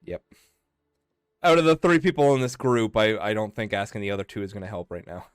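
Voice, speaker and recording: Man, game master, smooth clear voice, dry close sound, laid-back, filler-heavy narration. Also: on the low side, expressive, brisk, no echo.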